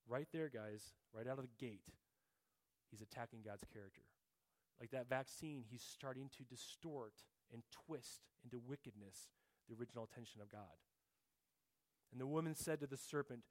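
A man's voice: mid-range voice, a little mellow. A middle-aged man preaching a sermon in a conversational way, calling the listeners guys and restarting his sentences often. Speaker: pastor.

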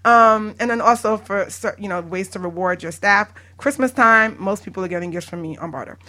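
A woman, a barter exchange broker, chatting casually on a podcast, animated and laughing often. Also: mid-range voice, fairly quick.

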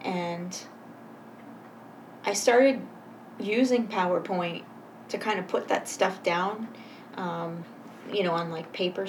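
A woman guest telling her personal story in a conversation, earnest and halting, pausing to reflect. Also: mid-range voice. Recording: voice a bit far from mic, faint noise.

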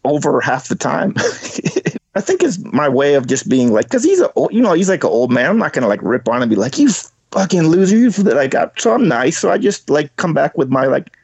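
A man's voice: on the high side, big pitch swings, a little fast, creaky, a little mellow, breathy edge, no room sound, dull audio. A man, a podcast guest, rambling in a laid-back casual chat with lots of fillers.

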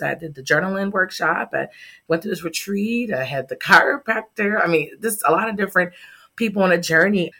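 A woman's voice: deep voice, pushed and bright, husky. A middle-aged woman, a startup founder, telling a heartfelt personal story in a podcast interview.

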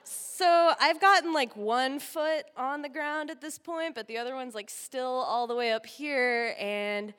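A woman from Texas telling a comic story live, animated and laughing often. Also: sits high, measured pace, hardly any pauses, clear, resonant tone. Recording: long hall reverb.

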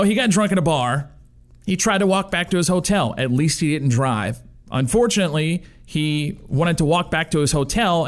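A man hosting his own show, delivering a sarcastic, profane comedic rant. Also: fairly high pitch. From United States. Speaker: podcast host. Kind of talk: ranting comedic monologue.

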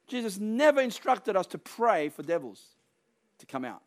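A very animated male preacher with a rather high voice delivers a sermon, bearing down on important lines and rising to forceful peaks. He slips into brief performed voices whenever he quotes someone.

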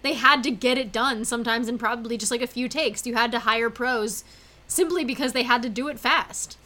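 A woman's voice: fairly high pitch, a little fast, pushed and bright. A woman co-hosting a podcast, chatting casually with playful interjections. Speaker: podcast co-host. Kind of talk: casual chat.

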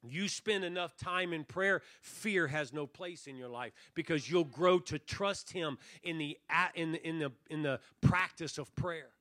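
A man preaching a revival sermon as pastor, earnest, sinking almost to a hush and then swelling on key phrases. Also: on the high side, a little slow, few pauses, no room sound. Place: church revival service.

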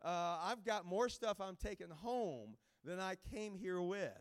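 A man's voice: high-pitched, lively intonation, unhurried. A man speaking as a guest evangelist, giving a jokey, rambling informal sermon to a camp with many restarts.

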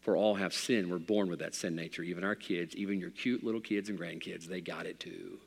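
A man preaching a sermon as pastor, swinging from hushed, quiet passages to loud, fervent outbursts. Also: low voice, fairly even intonation, brisk, gravelly. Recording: long hall reverb.

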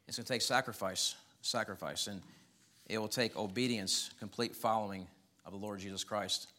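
Male preacher, bright tone, conversational sermon with frequent chuckles. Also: lowish voice, fairly even intonation, moderate pace. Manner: conversational, chuckles often, voice rises sharply when acting out questions.

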